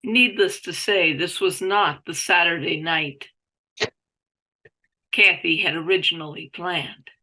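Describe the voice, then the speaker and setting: Low, bright-toned woman narrating slowly. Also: low-quality recording. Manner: measured, literary phrasing. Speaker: author taking a storytelling turn. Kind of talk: improvised story narration.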